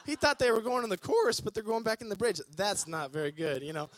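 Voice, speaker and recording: A man doing a chatty, excited God. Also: high-pitched, fast, no echo, pitched above the performer's own voice. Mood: amused. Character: playful male God in heaven, delighted.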